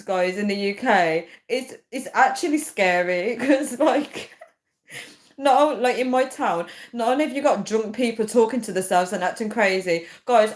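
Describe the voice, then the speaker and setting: A young woman chatting casually to viewers, ranting in an animated way and laughing often. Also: mid-range voice. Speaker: vlogger.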